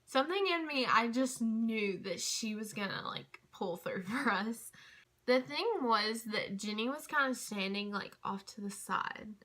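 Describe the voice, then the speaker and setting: Young female vlogger, bright and crisp tone, gushing storytime chatter with frequent fillers. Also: on the high side, expressive, a little slow. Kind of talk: casual storytime chat.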